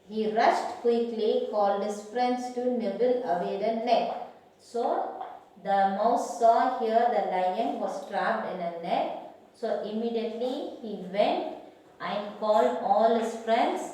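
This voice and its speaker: A woman slowly telling a children's story, halting and correcting herself as she goes. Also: a little high, dark tone. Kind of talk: slow storytelling with pointing and retelling. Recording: echoey room from far off.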